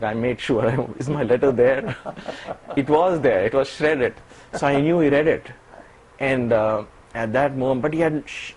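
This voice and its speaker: Guy with a husky voice telling a story in an interview, animated, laughs a lot. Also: medium pitch, poor audio. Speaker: interview guest. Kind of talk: personal storytelling.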